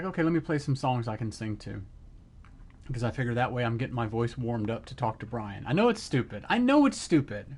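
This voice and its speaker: A middle-aged man streaming live, telling an excited story in casual chat and acting out the quotes. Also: mid-range voice.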